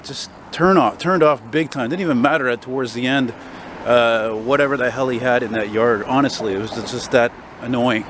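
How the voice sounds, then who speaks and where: A man's voice: medium pitch, fairly quick. Rambling, opinionated older man walking outdoors. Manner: rambling, opinionated, self-described loudmouth. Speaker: walking vlogger. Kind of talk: casual walking commentary. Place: city street outdoors, walking. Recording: street noise behind.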